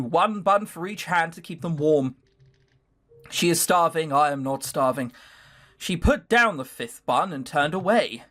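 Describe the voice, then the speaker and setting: A man's voice: on the high side, a bit bright. A man with a slightly raised voice reads a visual novel aloud as a let's play host. He breaks in with sardonic, swearing asides. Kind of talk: reading aloud with commentary.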